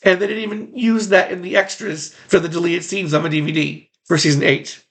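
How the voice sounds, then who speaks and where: A former background extra looks back on the job in a casual, rambling way, repeating phrases for emphasis. His voice sits high with a level tone and moves a little fast.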